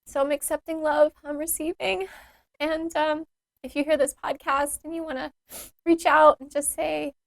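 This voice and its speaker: A woman's voice: high-pitched, steady tone, moderate pace, gravelly, no echo. A woman hosting her own podcast as a yoga teacher, talking in an earnest, intimate and rambling way with many fillers. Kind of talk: reflective solo podcast talk.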